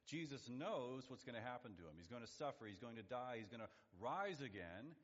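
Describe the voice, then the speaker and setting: A man preaching a sermon, building up to emphatic high points and dropping to hushed, low lines. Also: big pitch swings, a little fast. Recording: lo-fi sound in a long-reverb hall.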